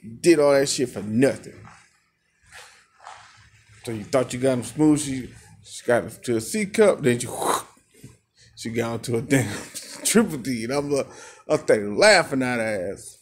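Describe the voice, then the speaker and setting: A man of middle pitch telling a rambling, profane story in a casual rant. He laughs often and his voice leaps upward whenever he gets worked up. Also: animated, measured pace, long pauses, a little hiss or hum.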